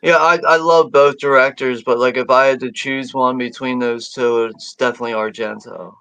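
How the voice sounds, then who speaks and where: A man co-hosting a watch-party stream, chatting in a relaxed, chuckling, filler-heavy way. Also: mid-range voice, normal speed, clean tone, no room sound, rough recording. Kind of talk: casual livestream chat.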